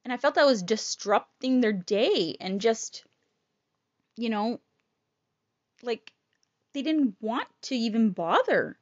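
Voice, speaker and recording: A woman's voice: a little high, expressive, slow, pauses often, no echo, muffled recording. A woman telling a personal story in a casual, blunt, profane and emotional way.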